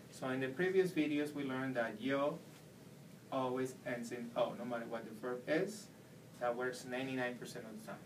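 Man teaching at a distant whiteboard. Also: mid-range voice. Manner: patient, explains step by step. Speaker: Spanish teacher. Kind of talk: whiteboard language lesson. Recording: distant mic with faint room noise.

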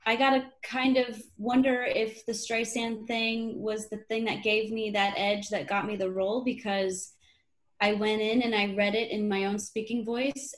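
A woman's voice: medium pitch, level tone, moderate pace, low-quality recording. Chatty woman guest in her thirties. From Chicago. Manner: chatty, many fillers like "you know" and "um". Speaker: actress guest. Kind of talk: casual interview chat.

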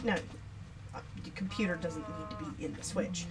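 A woman's voice: lowish voice, moderate pace, long pauses, noisy background. A young woman hosting a gameplay video, chatting casually and rambling with frequent giggles. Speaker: let's play host.

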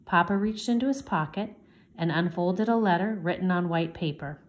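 A woman reads a chapter book aloud in a gentle storytime manner. Her voice sits on the lower side, and she lifts it brightly whenever a child speaks in the story. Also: normal speed. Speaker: teacher reading aloud.

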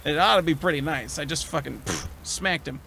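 Excitable swearing man streaming a game. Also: on the high side, brisk, vocal fry. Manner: excitable, profane, trash-talking the monster. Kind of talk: live gameplay commentary. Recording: loud background noise.

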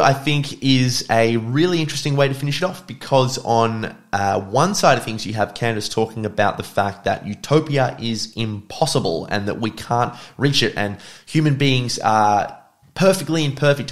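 A podcast reviewer offers reflective commentary on podcast clips, thinking aloud and talking it through with fillers. His voice is medium-pitched and he speaks at normal speed.

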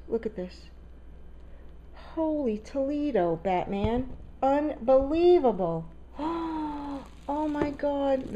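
A woman's voice: high voice, warm tone, slight background noise. Gushing woman unboxing, gasping with delight. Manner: gushing, gasping, repeats exclamations. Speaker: craft vlogger opening a swap box. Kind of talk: excited unboxing chat to camera.

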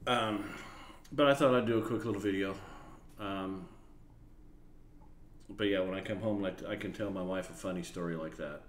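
A man's voice: sits low, normal speed, pauses often. A man casually telling a work story to camera, acting out the people in it. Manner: animated storyteller, acts out other people's voices. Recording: echoey room with faint background noise.

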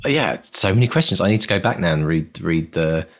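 A man's voice: sits low, animated, a little fast. A man hosting a podcast in casual chat, enthusiastic and full of praise. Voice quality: enthusiastic and effusive. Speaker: podcast host.

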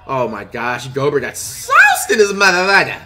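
A young man streaming his reactions to basketball highlights, loud and excitable, swearing and saying "bro" constantly. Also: normal speed. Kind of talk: hype reaction commentary.

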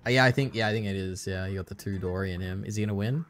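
A man's voice: fairly low pitch, rapid-fire, fairly bright tone. A man hosting a casual stream, chatting loosely, trailing off and laughing often. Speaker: streamer host.

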